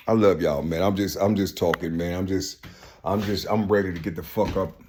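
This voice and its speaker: A middle-aged man rambling on in a profane, repetitive monologue outdoors, swinging between loud boasting and low mumbling. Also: steady tone, a little fast, a little hiss or hum. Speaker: vlogger. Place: outdoors among trees.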